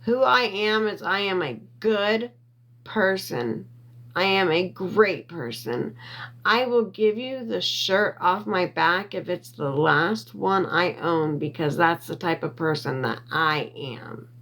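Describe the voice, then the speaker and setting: A woman livestreaming from her phone, reading viewer comments, getting worked up and loud, repeating herself and defending her character. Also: lowish voice, slow pace. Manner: reads and answers viewer comments. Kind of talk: emotional livestream chat.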